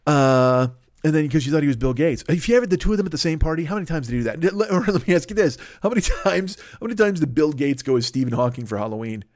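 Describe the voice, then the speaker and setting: A man's voice: on the high side, animated, fast, a little mellow, no echo, studio quality. Profane rambling man hosting a podcast. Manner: profane, rambling, tangent-driven rant. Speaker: podcast host. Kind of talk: comedic solo monologue.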